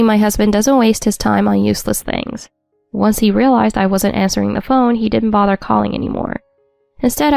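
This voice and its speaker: A woman's voice: medium pitch, gravelly, a little mellow, no echo. Brief: woman narrator, scripted first-person story, wry and matter-of-fact, faint music underneath.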